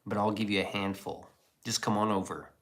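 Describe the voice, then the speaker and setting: A livestream host with a fairly low, flat voice chats briskly and casually, reading viewer comments. His banter rambles and leans on crude jokes.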